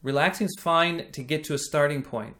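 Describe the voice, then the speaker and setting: A man's voice: fairly high pitch, sharp tone. A man teaching singing, explaining vocal technique patiently and demonstrating sung vowels. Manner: slow, patient, thoughtful delivery.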